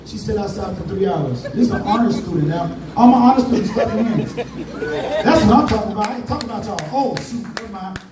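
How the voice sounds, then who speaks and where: A man performing stand-up on a club stage, telling a story in loose, slangy talk. His voice is unusually high for a man. The camera is far off, so the room echoes heavily and the crowd and noise are clear. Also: brisk. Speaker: stand-up comedian. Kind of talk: stand-up comedy set.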